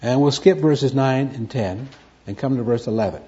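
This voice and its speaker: On a dull lo-fi recording, a man with a mellow, mid-range voice delivers a Bible study lecture at a moderate pace. He leans on key words, repeating them, and answers questions he puts to himself.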